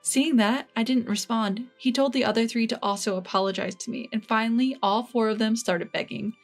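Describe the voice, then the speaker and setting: Woman narrator, scripted storytelling, even and measured, faint background music. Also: a little high.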